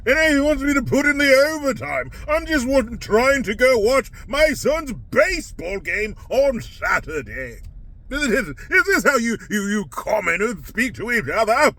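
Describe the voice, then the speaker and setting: A stuck-up rich politician, as a man mocks him, trying far too hard to sound like a regular guy. The voice is pitched up high and affected, posh and over-savoring, with a bright edge. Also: very animated, measured pace, heavily acted. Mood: mocking. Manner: mock-posh, exaggerated savoring. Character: snooty wealthy male politician faking common-man talk.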